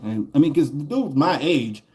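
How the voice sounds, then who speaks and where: A man's voice: a little high, big pitch swings, normal speed. A man streaming a game and telling a long, rambling story in casual chat. He swears a lot and often chuckles as he talks. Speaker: gaming streamer.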